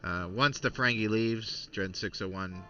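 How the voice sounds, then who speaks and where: Bright-toned man narrating a game. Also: fairly low pitch, normal speed, distant mic, dull audio, soft background music. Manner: hesitant, many fillers. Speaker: game master.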